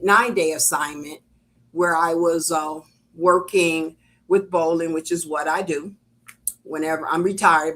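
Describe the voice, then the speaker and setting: Low-voiced older woman, rambling craft chat. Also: a bit bright. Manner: chatty and rambling, with many ums and uhs. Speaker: crafting channel host. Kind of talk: casual live-stream chat. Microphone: computer webcam setup.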